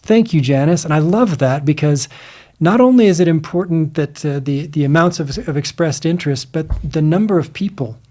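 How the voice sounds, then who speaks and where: A man hosting a livestream in a casual, halting way, with many fillers and restarts. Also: fairly high pitch, warm tone. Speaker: livestream host.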